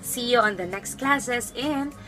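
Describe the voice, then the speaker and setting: A woman's voice: fairly high pitch, a little slow, over loud music, rough recording. A woman teaching an online language lesson, speaking carefully and repeating each phrase several times for learners.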